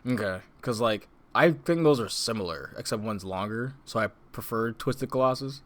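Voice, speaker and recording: A young man co-hosting a casual podcast chats in a medium-pitched, expressive voice at a moderate pace. He rambles, using lots of fillers, restarting sentences and laughing.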